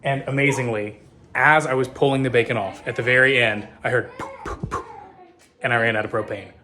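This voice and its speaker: A man's voice: medium pitch, fast talker, slight background noise. Chatty man in an echoey space. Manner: rambling, chatty, full of fillers; excited whoops while cooking. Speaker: vlogger. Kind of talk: casual vlog chat. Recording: long hall reverb.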